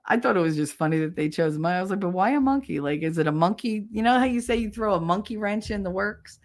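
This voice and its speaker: A woman from New Jersey hosting a casual livestream, chatty and animated, laughing often and jumping into loud high yelling when she acts out a scene. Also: fast talker. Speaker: livestream host.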